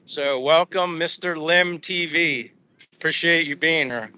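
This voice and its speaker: A man from the United States talks casually as he walks outdoors and streams live from his phone. His voice is bright and crisp, and it sits a little high for a man. He chats in a relaxed, rambling way, with plenty of "uh" and "like" as he answers his viewers. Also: measured pace. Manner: relaxed, chatty, reads out viewer comments with many fillers. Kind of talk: casual live-stream chat while walking. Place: outdoors on a seaside boulevard.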